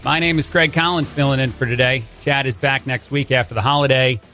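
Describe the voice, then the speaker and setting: A man's voice: medium pitch, steady tone, a little fast, bright, forceful tone, faint music behind. A man from New Jersey with a Jersey accent, filling in as a talk radio host with conversational, sarcastic commentary. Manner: conversational, sarcastic asides, frequent "uh" restarts.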